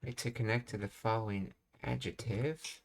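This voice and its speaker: A man's voice: fairly low pitch, fairly even intonation, moderate pace, vocal fry. A man working through a casual language lesson, thinking aloud with fillers and reading out explanations. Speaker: language teacher.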